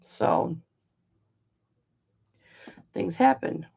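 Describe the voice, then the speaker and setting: A woman's voice: lowish voice, wildly swooping pitch, drawn-out words, vocal fry, a little mellow, husky. An older woman telling a rambling personal story in a chatty, casual way, full of asides, on dull lo-fi audio. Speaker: live auction host.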